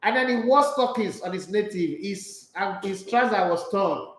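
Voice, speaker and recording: A man with a Nigerian accent hosting a sports talk show, chatting casually and reading viewer comments in a playful, animated way. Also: high voice, moderate pace, reverberant, poor audio. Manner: playful, animated, slipping into Pidgin.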